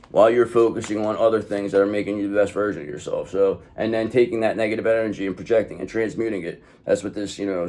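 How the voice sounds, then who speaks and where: A man talks through a tarot reading in a loose, rambling way, often pausing on "okay". He swears freely, and his voice sits at an ordinary middle pitch. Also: a little mellow. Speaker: tarot reader. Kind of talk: casual tarot reading monologue.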